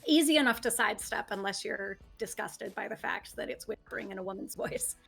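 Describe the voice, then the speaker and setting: A woman's voice: mid-range voice, a little fast, creaky, a bit bright, breathy edge, soft background music. A woman narrating as game master of a tabletop role-playing game, casual, vivid and playful.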